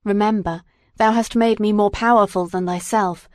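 A woman reading aloud and voicing a huge, wretched male creature who speaks in a slow, grave, aggrieved way. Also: mid-range voice, steady tone, no room sound, studio quality, natural voice. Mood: pleading.

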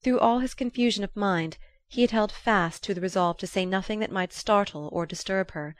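A woman narrating a classic novel aloud in a measured, even storytelling manner. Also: medium pitch, no echo. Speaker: audiobook reader. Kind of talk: scripted narration.

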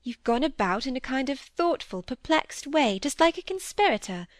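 A woman reading the part of a curious, lively teenage girl who coaxes and pleads with her father. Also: high voice, normal speed, no echo, clean studio sound. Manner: coaxing, pleading, inquisitive. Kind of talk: audiobook dialogue reading.

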